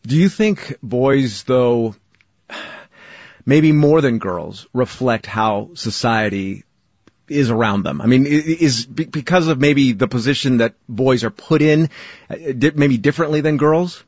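A middle-aged man with a slightly husky voice asks earnest questions, sometimes groping for words. The sound is dry, with no room around it, and a little dull and lo-fi. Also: mid-range voice, a little slow, a little mellow, no room sound. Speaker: interviewer. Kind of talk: interview questions.

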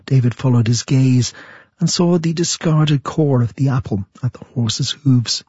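Author, male, warm low-timbred and breathy, measured storyteller reading his own prose, dry close sound. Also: no echo, dull audio. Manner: thoughtful, measured, with a steady storytelling delivery when reading. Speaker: author interviewed about his book. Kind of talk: interview answers and reading aloud from his book.

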